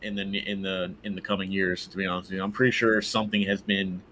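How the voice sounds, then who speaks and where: Bright-voiced, profane male podcast host. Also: low-pitched, fast talker, slight background noise. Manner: profane, animated, acts out quotes. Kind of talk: casual gaming podcast chat.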